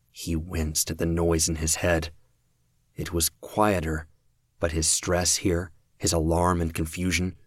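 A man reading a fan audiobook in a very deep, unhurried voice. His delivery is steady and measured, and the recording is dry and close. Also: no room sound. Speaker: audiobook narrator.

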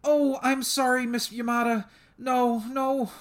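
A man's voice: high voice, takes it slowly, fairly bright tone, voice pushed up. A man voicing a frightened, apologetic young woman whose body is tendrils, speaking in a pleading way.

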